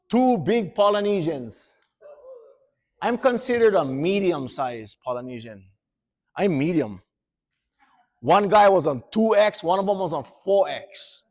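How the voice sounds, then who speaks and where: Hawaiian Pidgin male speaker at a school, animated and laughing, with a slightly high voice. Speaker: motivational speaker. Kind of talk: storytelling to students.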